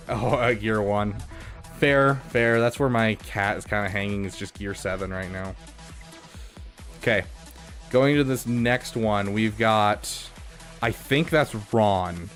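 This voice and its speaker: A man's voice: on the low side, takes it slowly, pauses often, a bit bright, faint music behind. A man casually commenting on a live stream, thinking aloud with frequent fillers. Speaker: streamer reviewing game accounts.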